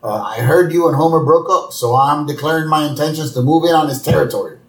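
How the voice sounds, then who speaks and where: A man voicing a gruff, lovesick middle-aged male bartender who rambles nervously. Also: fairly high pitch, fast talker, voice pushed up, close to an everyday voice. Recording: roomy, distant mic.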